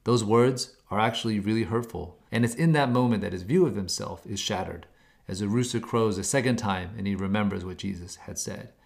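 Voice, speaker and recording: A man with a low voice gives a devotional reflection. His voice often drops into a gravelly fry, and he speaks earnestly, pressing his listeners with searching questions. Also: brisk.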